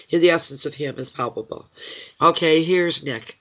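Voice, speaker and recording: A man's voice: on the high side, normal speed, sharp tone. Emotional man with a cold reading cards. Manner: emotional, rambling, chatty, distracted. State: runny nose from a cold. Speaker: tarot card reader on a live stream. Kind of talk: live card reading chat. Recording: dull lo-fi stream audio.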